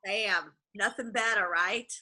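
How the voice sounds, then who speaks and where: A woman's voice: mid-range voice, slow, sharp tone. A woman leading a group coaching call, upbeat and encouraging as she talks and asks questions.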